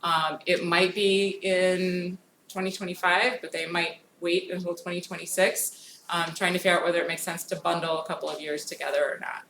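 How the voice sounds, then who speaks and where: Speaking on the low side with a level, fairly bright tone, a woman gives a brisk, informal conference presentation about federal grant programs, often saying "um." The conference hall recording is echoey, with faint background noise.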